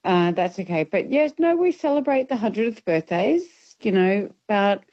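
A woman's voice: mid-range voice, lively intonation, normal speed. A woman calling in to a radio quiz, chatty and amused at her own family's customs. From Irish family. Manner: warm storyteller, laughs at herself. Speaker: caller. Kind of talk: casual phone-in chat. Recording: dull phone-in line.

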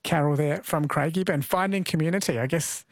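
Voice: medium pitch, a little fast, no room sound. A radio host chatting with a caller, conversational and thinking aloud as they go. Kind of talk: radio talk show interview.

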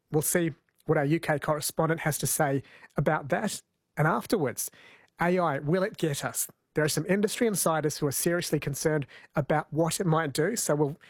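Aussie radio host guy, upbeat and teasing, bit higher voice, dry close mic. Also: no room sound. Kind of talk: casual radio hosting. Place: radio studio.

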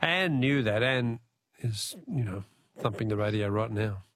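A man's voice: lowish voice, lively intonation, a little slow, a bit bright. A man with an Australian accent hosting a late-night radio phone-in quiz, genial and chatty as he reads out listener texts.

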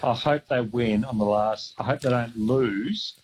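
A man calling in to a talkback radio quiz, relaxed and easygoing. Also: mid-range voice, unhurried, husky, rough recording. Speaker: caller. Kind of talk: casual talkback call.

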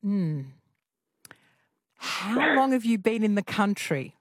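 A woman hosting a talk radio program keeps things moving briskly. She chats casually and moves quickly from one topic to the next. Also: medium pitch, animated. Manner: brisk, chatty, jumping between topics. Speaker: radio host.

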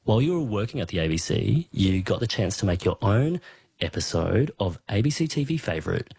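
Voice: low voice, big pitch swings, brisk, darkish tone, husky, no room sound. An interviewer, asking questions and reacting with enthusiasm. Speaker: podcast host, interviewer.

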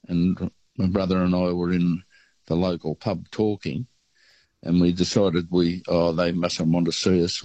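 A man's voice: deep voice, warm tone, no room sound. An older Australian man calling in to a radio show, telling a rambling, easygoing travel story. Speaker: caller. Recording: dull lo-fi phone line.

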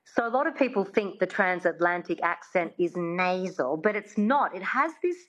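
A woman's voice: lowish voice, expressive, moderate pace, fairly bright tone, poor audio. A woman working as a dialect coach, explaining how are taught and demonstrating sounds as she goes. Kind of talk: studio interview, teaching accents.

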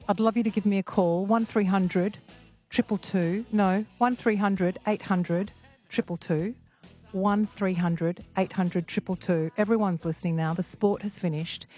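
A woman's voice: medium pitch, a little mellow, breathy edge. A woman hosting talkback radio, chatty and teasing as she invites callers and introduces a guest. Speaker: radio host. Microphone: studio microphone.

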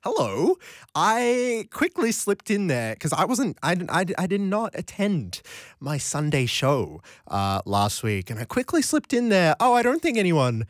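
A man's voice: huge pitch swings, a little slow, dry recording, clean studio sound. A young man hosting a late-night radio show, chatting in a playful, rambling way with frequent restarts. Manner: chatty, playful, rambling, lots of restarts and sudden pitch jumps. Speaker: radio host. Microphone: studio microphone.

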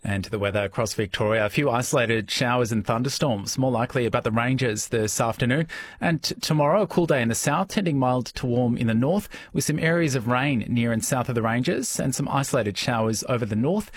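A man delivering the radio news and weather in a measured, formal read. His voice has a slightly husky edge and sits at a middling pitch. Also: dry recording. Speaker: newsreader.

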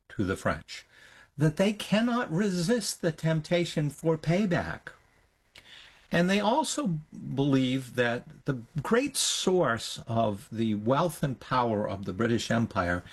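A middle-aged man with a husky voice explains history as an interview guest. His pitch rises and falls in a lively way, and he briefly slips into the voices of people from the past. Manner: animated, acts out historical voices in quotes.

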